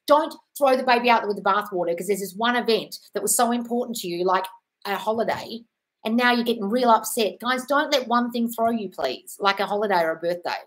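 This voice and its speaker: A woman's voice: medium pitch, a little fast. A woman answering chat questions on a casual live stream, blunt and sweary, calling viewers darling.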